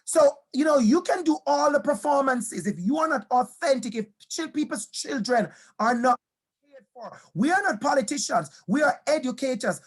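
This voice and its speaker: A man's voice: extremely high pitch, expressive, moderate pace. Emphatic man urging teachers to act. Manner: emphatic, repeats key phrases, asks questions and speaks to the audience directly. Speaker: educator giving a talk. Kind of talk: motivational talk to teachers with personal stories.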